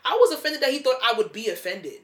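Woman, blunt and cussing a lot, bright sharp voice, just chatting. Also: on the high side, very animated, fast talker. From North Jersey, USA. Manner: blunt, profane storytelling. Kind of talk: casual chat.

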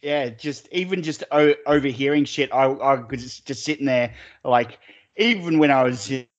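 In a casual podcast conversation, an Australian co-host meanders through stories, laughing and swearing plenty. He has a mid-range voice at a moderate pace, and the sound is lo-fi.

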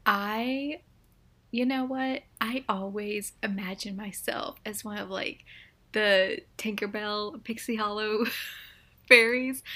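Relaxed, chatty young woman. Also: mid-range voice. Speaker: co-host. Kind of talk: casual chat.

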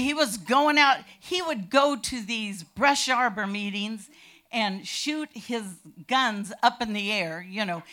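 Older woman, bright tone, animated church testimony with shouted peaks. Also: a little high. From California. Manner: animated storytelling, bursts into shouting. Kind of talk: personal testimony.

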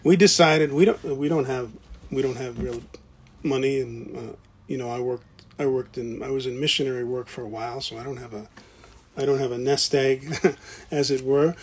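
A man's voice: mid-range voice, steady tone, moderate pace, slight background noise. A man talking casually about founding a college, stopping and restarting often, repeating words as he goes. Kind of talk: casual conversation.

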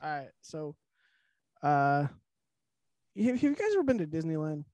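A man's voice: on the high side, sing-song, moderate pace, darkish tone, dry recording. A man co-hosting a podcast, chatting casually, laughing often and steering the topics. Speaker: podcast co-host.

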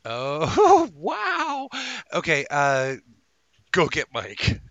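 A man's voice: a little high, huge pitch swings, drawn-out words, a bit bright, dull audio. A man hosting a live talk show in a rambling, jokey way, full of stumbling restarts. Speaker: host. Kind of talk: casual live-show chat.

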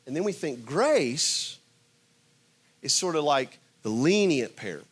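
A man with a high-pitched voice preaches a sermon, pressing his point with rhetorical questions. He swings from loud, emphatic bursts to hushed, quiet asides. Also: very animated, moderate pace, husky. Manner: asks the audience rhetorical questions. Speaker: pastor.

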